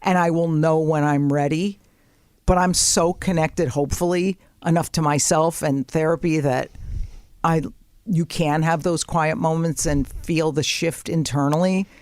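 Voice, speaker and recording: A woman's voice: low-pitched, fairly even intonation, unhurried, darkish tone, dry recording. A middle-aged woman hosting a podcast, chatting casually in a brash, profane way and laughing often. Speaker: podcast host. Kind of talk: casual comedic chat.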